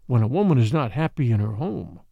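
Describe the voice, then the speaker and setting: A hard, grim old millionaire father laying down the law to his daughter in an audiobook, voiced by a man reading. His tone is blunt and low for the reader, yet still lively in pitch. The sound is dry and close. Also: fairly quick, gravelly, dry recording, narrow, tinny audio. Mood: rueful.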